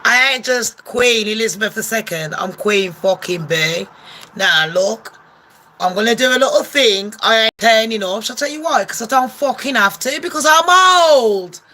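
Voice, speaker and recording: A woman's voice: fairly high pitch, lively intonation, moderate pace, sharp tone, a little hiss or hum. A woman voicing a crude, cheeky elderly queen in her nineties, brash and swearing as she mocks. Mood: smug.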